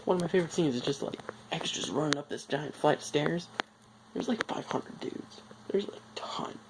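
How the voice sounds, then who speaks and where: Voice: mid-range voice, normal speed, heavy background noise. A film reviewer talking casually, rambling off on tangents with many filler words.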